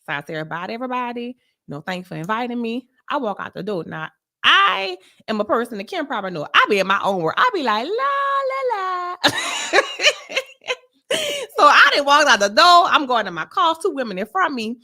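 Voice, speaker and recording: A woman, co-hosting a casual chat show and telling a blunt, animated story with frequent laughter. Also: fairly high pitch, fast. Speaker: podcast co-host.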